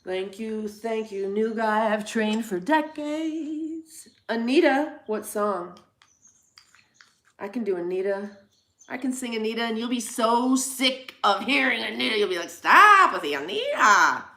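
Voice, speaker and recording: Playful middle-aged woman, roomy echo. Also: a little high. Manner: playful, self-mocking, quick asides. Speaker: livestream host singing viewer song requests. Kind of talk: casual chat with viewers between songs.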